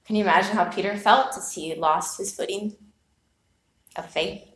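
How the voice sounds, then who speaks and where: A woman's voice: medium pitch, normal speed, fairly bright tone. Woman preaching in an echoey room. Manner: earnest, reflective storytelling with rhetorical questions. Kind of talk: sermon.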